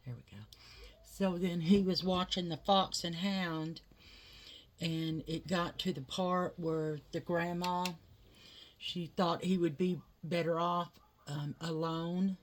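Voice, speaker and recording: A woman telling a rambling family story in casual chat while doing her makeup, full of fillers. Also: fairly low pitch. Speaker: vlogger, mother.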